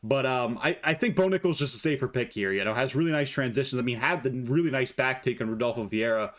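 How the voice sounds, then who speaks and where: A man's voice: medium pitch, fast talker, fairly bright tone. A man giving casual fight predictions as an MMA analyst, blunt and joking with plenty of swearing.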